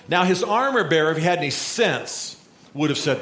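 A male pastor preaching a sermon, telling a Bible story and acting out the quotes with lively, conversational energy. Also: fairly high pitch, a little fast, slight background noise. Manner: storytelling, animated, acts out quotes. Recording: roomy echo.

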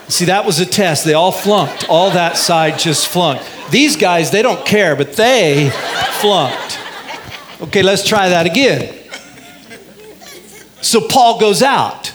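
A male pastor preaching a sermon in a lively way, drawing out key phrases and leading the congregation in call and response. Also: high-pitched, background noise. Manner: lively, drawls out key phrases, has the congregation repeat lines.

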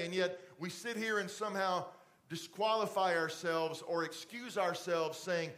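A middle-aged man preaching a conversational sermon in a church, dropping to a soft fatherly voice for asides. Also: high voice, steady tone, unhurried. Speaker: pastor. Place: church stage with TV lights.

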